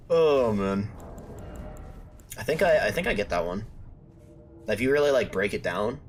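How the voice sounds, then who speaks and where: A man's voice: on the low side, sing-song, a little slow, a little hiss or hum. A young man streaming a game, chatting casually with his viewers and joking, trash-talking and bantering playfully. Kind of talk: casual live-stream chat while gaming.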